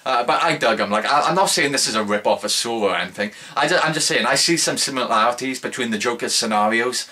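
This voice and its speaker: A man's voice: mid-range voice, fast talker, hardly any pauses, pushed and bright. A young man giving a casual spoken movie review, rambling, with lots of filler words and restarts.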